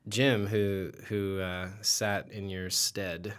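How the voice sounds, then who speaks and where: A man co-hosting a podcast, soft-spoken and trailing off with fillers as he talks. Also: sits low, little pitch movement, slow, clean tone. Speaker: podcast co-host. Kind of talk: casual chat.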